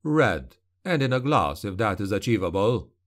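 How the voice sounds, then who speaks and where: A man voicing a cold, commanding male witch hunter who speaks slowly and with measured authority. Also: lowish voice, sing-song. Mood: stern.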